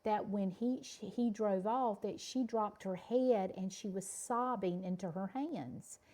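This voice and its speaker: A woman with a Southern US accent, co-hosting a chatty podcast and telling a long, rambling story in a drawn-out way. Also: mid-range voice, dark tone. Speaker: podcast co-host. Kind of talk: casual chat, storytelling.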